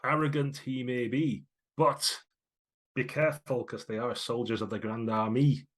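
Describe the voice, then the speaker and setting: A man's voice: level tone, moderate pace, fairly bright tone, lightly acted. A man voicing a brash, proud woman blacksmith who talks bluntly and teases. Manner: blunt, teasing, raised pitch.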